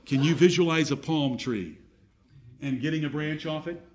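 Guy preaching a bible lesson, slightly high voice, asks the room questions, reads verses out loud. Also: moderate pace. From United States. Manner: reads scripture aloud in a raised, declaiming voice, asks the audience questions. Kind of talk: Bible teaching sermon.

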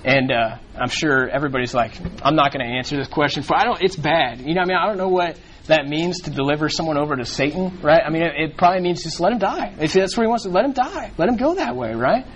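A man's voice: a little high, fast, fairly bright tone, a little hiss or hum, low-quality recording. A man leading a casual bible study, talking in a rambling way with many restarts and fillers.

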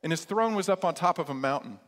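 Pastor, male, fairly high voice, lively casual storyteller preaching in a hall with long reverb. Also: quick pace. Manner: lively storytelling, retells scripture in casual modern terms. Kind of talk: sermon.

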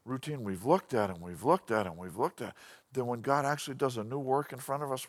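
A man giving a sermon-style Bible lesson, animated and storytelling, often restarting his sentences. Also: mid-range voice, brisk. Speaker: Bible teacher.

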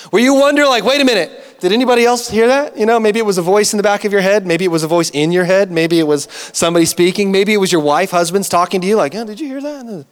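A man preaching a sermon as a pastor, telling stories in an animated way and acting out the dialogue himself. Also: high-pitched, clear, resonant tone. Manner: animated storytelling with acted-out dialogue. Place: church hall. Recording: long church hall reverb.

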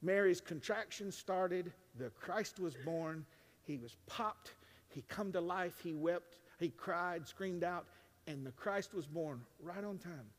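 Male pastor, high tenor, dynamic preaching with humor, church reverb tail. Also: takes it slowly. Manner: dynamic preaching, swings from hushed to loud, joking asides. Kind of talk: sermon. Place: church sanctuary. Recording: long reverb of a large church.

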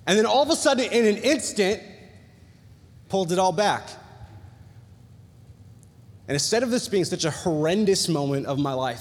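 A male pastor preaching a sermon, telling a personal story with animated jokey asides and bursts of excitement. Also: high voice, normal speed, long pauses. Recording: long hall reverb.

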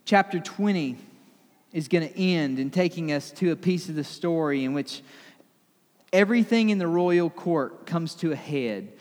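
A man preaching a sermon in a conversational way, retelling a scripture story with lively asides. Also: fairly high pitch, moderate pace, big-room sound. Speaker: pastor.

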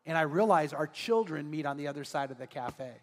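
Male pastor, high voice, animated storyteller, long church reverb. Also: a little fast. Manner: animated, acts out dialogue in his story. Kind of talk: sermon storytelling. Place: large church sanctuary.

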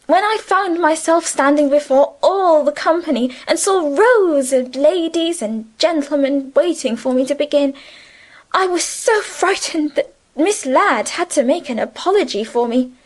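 Timid, melodramatic young schoolgirl , voiced by a woman narrator; high pitched, gushing. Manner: dramatic, gushing. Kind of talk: audiobook character reading.

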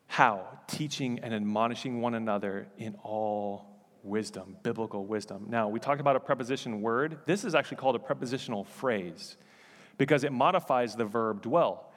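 A man's voice: mid-range voice, moderate pace, in a large hall. A male pastor preaching a sermon in a church, conversational with joking asides. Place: church sanctuary.

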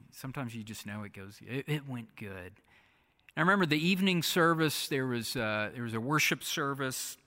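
A pastor preaching a sermon, repeating phrases and often dropping to a soft, hushed delivery. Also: male voice, medium pitch. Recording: long reverb of a large hall.

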